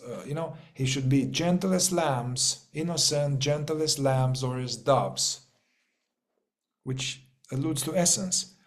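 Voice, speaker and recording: A man teaching a group in an informal spiritual talk, rambling, repeating words and swearing casually. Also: on the high side.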